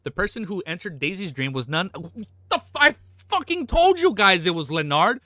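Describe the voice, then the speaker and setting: A man's voice: sits high, sing-song, normal speed, bright, forceful tone, no room sound, studio quality. A young man reading a web novel aloud on a live stream, stumbling over words and breaking off to react emotionally with casual swearing and slang.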